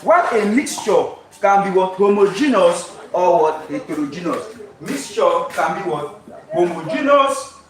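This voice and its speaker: A male chemistry tutor leading a live lesson at a whiteboard in call-and-response style. He keeps asking "what?" and answering himself, and slowly repeats the key terms for emphasis. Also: high voice, very animated. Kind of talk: live-streamed exam lesson. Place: classroom with whiteboard. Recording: echoey classroom from far off with background noise.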